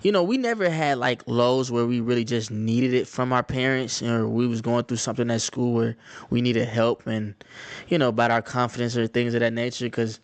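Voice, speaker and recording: Young man, Atlanta accent, easygoing vlog storyteller, middle pitch, dry close mic. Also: steady tone, normal speed, dry recording. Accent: Atlanta Southern US. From Atlanta, Georgia, US. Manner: conversational, repeats phrases, loose slang. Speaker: vlogger. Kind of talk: casual storytelling to camera.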